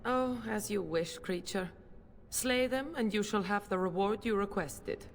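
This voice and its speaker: A woman's voice: mid-range voice, unhurried, natural voice. A cruel witch baroness , voiced by a woman, arrogant and imperious, mocking those who defy her. Her voice carries a long reverb tail, with faint noise behind it. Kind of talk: video game voice acting.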